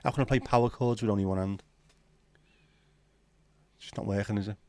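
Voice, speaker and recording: A man's voice: on the low side, steady tone, fairly quick, darkish tone, dry recording. Crude, bantering man hosting a livestream. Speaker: livestream host. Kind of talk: casual chat reading viewer comments.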